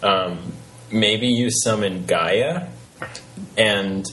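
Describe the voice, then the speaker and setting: A man's voice: lowish voice, very slow, fairly bright tone, rough recording. A man co-hosting an esports podcast, talking playfully and hesitantly. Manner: playful, hesitant, with restarts and laughs. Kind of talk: casual podcast chat.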